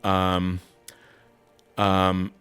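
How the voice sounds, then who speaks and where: A middle-aged man hosting a casual gameplay stream, talking excitedly, swearing and laughing. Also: sits low, very slow, clear, resonant tone, soft background music. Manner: animated, swearing, bursts of laughter, reading aloud. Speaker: streamer host.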